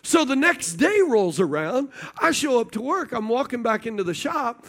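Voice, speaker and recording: A high-voiced pastor delivers a sermon to his congregation, weaving Bible verses together with a story from his own working life. Animated and storytelling in style, he keeps engaging the room with quick questions as he builds toward his points.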